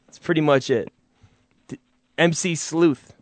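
A man's voice: a little high, unhurried, no echo. A man hosting a casual comedy chat, teasing his guests and laughing often. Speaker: host.

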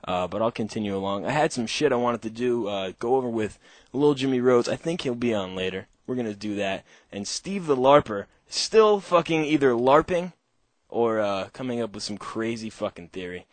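A man's voice: medium pitch, lively intonation, normal speed, dry recording. A man hosts his own call-in show, talking loosely and cursing constantly as he rambles from topic to topic. He often breaks into laughter at his own jokes. His voice is recorded up close and dry, in a mid register. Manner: rambling, heavy swearing, frequent laughter. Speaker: radio show host. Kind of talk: casual profane monologue.

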